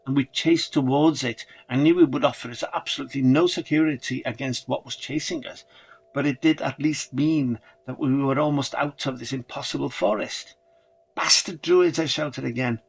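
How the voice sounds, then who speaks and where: A man's voice: mid-range voice, fairly even intonation, normal speed, gravelly, breathy edge, poor audio. A man narrating a first-person horror story dramatically, with casual swearing.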